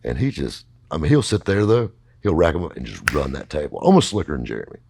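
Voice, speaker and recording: A man's voice: rumbling low, very animated, quick pace, vocal fry, darkish tone, a little hiss or hum. A middle-aged man telling a long story casually, rambling and folksy, with lots of fillers. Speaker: podcast host telling a story.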